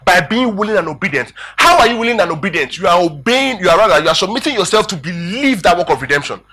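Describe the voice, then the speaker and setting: A man preaching a sermon, animated and emphatic, calling out questions to his congregation. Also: sits high, fast talker. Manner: emphatic, animated preaching with rising and falling volume.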